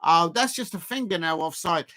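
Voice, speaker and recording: A casual stream host talks over a live football match, wandering between the game, the viewers in chat and little asides. The voice is bright and forward, and it leaps into excited shouts whenever a shot goes close. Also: medium pitch, moderate pace. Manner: rambling and chatty, gives shout-outs to chat viewers; bursts into excited shouts at chances on goal.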